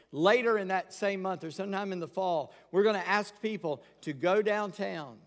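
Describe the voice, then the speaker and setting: A man preaching a sermon from the pulpit, candid and emphatic. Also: fairly high pitch. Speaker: pastor. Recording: long hall reverb.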